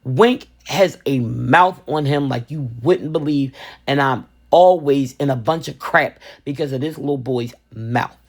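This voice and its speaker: A woman vlogger telling a funny family story in a casual storytime style, animated and expressive. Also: very deep voice, unhurried. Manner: animated, expressive, laughs often. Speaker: vlogger, resin crafter.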